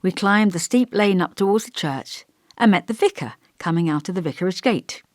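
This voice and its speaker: Lively low-voiced woman reading an audiobook. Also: no room sound, clean studio sound. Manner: measured, expressive storytelling. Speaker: audiobook narrator. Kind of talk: audiobook narration.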